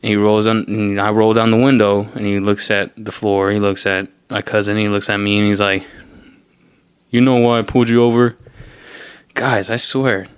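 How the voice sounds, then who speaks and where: A young man rants his way through a story on his podcast, swearing freely and sounding fed up. His voice sits on the low side. The sound is dry, with almost no room around it. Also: flat delivery, normal speed, few pauses, a bit bright, clean tone, no room sound. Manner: profane, exasperated storytelling. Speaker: podcast host. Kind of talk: casual ranting monologue.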